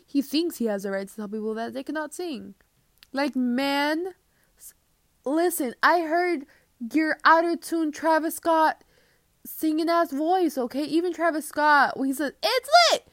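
A young woman rants on her podcast in a loose, joking ramble, often dropping to a whisper for quick asides. Her voice sits a little high. The recording is close and completely dry, with no room sound. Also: dry recording. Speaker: podcast host. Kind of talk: casual rant.

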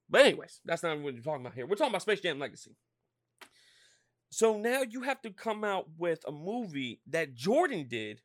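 Man, thirties, podcast host, profane casual rant, animated pitch, dry close mic. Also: no room sound. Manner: profane, animated ranting with frequent fillers.

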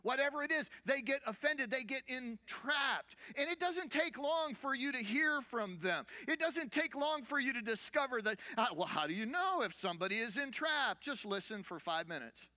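A man gives a sermon as senior pastor, his voice pitched high and sharply bright. He preaches in a conversational way, leaning on rhetorical questions and repeated lines.

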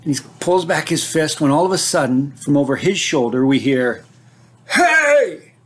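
A man telling a personal childhood story like a scene from a movie, vivid and dramatic, with frequent restarts as he builds to an excited high point. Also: a little fast.

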